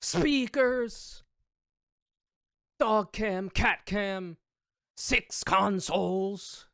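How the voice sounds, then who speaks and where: A man doing an impression of a hyper male streamer, blurting short loud bursts in a raised voice. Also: no room sound, clean studio sound, full character voice. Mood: hyped. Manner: loud, high, rapid blurting.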